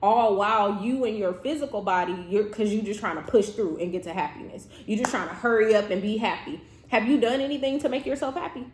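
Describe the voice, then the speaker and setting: A woman's voice: medium pitch, a little fast, hardly any pauses, echoey room, a little hiss or hum. Emphatic woman giving a tarot reading. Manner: emphatic, repetitive, reassuring, with frequent laughs. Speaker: tarot reader and therapist. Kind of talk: casual tarot reading to camera.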